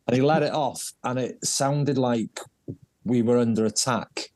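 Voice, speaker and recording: A man, a race director telling stories as a guest in a casual interview, jokey and animated. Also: medium pitch, normal speed, no room sound. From North Wales.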